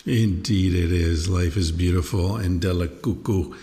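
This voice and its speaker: A man hosting his own podcast, talking in a rambling, relaxed way with many fillers. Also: low-pitched, a little slow, few pauses, in a large hall. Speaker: podcast host. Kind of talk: casual podcast monologue.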